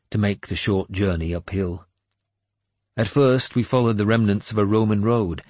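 A man reading a first-person story aloud as an audiobook narrator, in a measured, grave storytelling manner. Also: lowish voice, a little mellow, husky, no echo.

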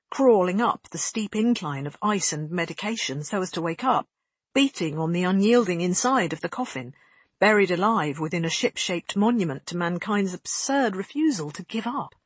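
An audiobook narrator reading a story in a measured, even way. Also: mid-range voice, slightly rough, dry recording. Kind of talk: scripted narration.

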